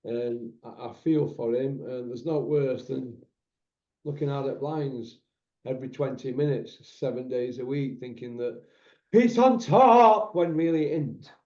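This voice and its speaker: Speaking at a measured pace in a medium-pitched, slightly mellow voice, this male podcast host runs a casual chat with banter and candid, rambling stories. The sound is lo-fi and dull, with room echo.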